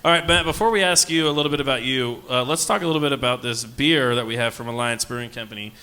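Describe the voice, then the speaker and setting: A man hosting a live podcast in a bar, upbeat and quick to laugh. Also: mid-range voice, pushed and bright, a little hiss or hum. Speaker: podcast host. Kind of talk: casual interview chat.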